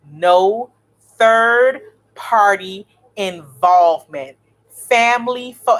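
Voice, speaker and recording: Blunt, animated woman telling her story. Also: on the low side. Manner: blunt, animated, swears freely. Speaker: vlogger. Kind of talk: casual storytelling vlog.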